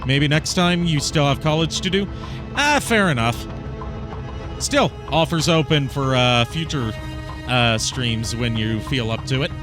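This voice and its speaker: A man's voice: mid-range voice, animated, measured pace. A male streamer talks casually over his gameplay, rambling and joking with plenty of fillers. His voice sits mid-range, and faint game music plays behind him.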